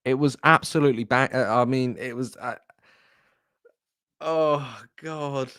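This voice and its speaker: A young man streaming a live football watchalong, hoarse after hours of commentary, deflated and halting, repeating himself as he reads the chat. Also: medium pitch, sharp tone, no echo, studio quality.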